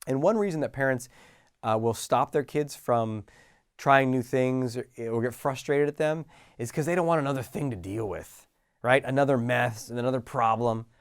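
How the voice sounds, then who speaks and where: A middle-aged man coaching listeners in a casual, animated talk, acting out small scenes with sighs and laughs. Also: medium pitch, normal speed, smooth, no room sound, clean studio sound. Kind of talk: motivational talk to camera.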